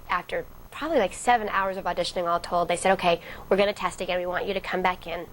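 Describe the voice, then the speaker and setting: Fast-talking woman telling a story. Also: on the low side, slight background noise, low-quality recording. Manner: acts out quoted dialogue vividly. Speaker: actress interviewee. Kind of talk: casual storytelling interview.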